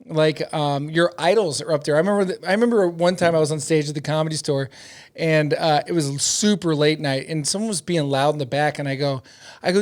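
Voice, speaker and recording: A middle-aged man with a slightly higher voice tells loose, rambling stories as a comedian guest. He swears freely and laughs between lines in an easygoing interview chat. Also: fast. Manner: profane, rambling, laughs a lot. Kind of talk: casual storytelling interview.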